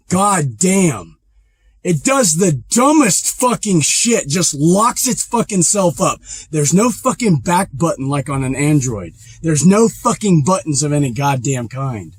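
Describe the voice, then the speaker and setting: A truck driver, speaking in a medium-pitched, slightly rough voice, vents to the camera from his cab as he drives down the road. It's a casual vlog rant, angry and full of nonstop profanity.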